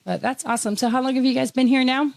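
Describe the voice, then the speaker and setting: A woman from Tennessee hosting a casual interview, chatty and quick to laugh. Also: sits high, fairly even intonation, creaky, dry recording. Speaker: host.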